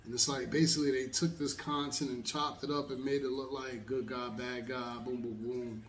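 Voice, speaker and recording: A man's voice: mid-range voice, little pitch movement, normal speed, fairly bright tone, reverberant, recorded from a distance, slight background noise. A man telling a long story in a casual, rambling way, with many fillers. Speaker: host.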